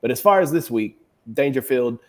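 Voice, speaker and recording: A mid-pitched man sits on a sports panel and talks football picks in a relaxed, confident way. He likes to tease his co-hosts about their choices. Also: normal speed. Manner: confident, teasing pick predictions. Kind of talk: casual sports chat.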